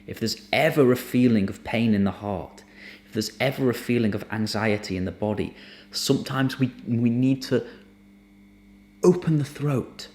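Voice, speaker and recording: A man teaching somatic emotional release in a gentle, earnest, unhurried way, sometimes dropping almost to a whisper. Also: medium pitch. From United Kingdom. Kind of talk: reflective spoken teaching to camera.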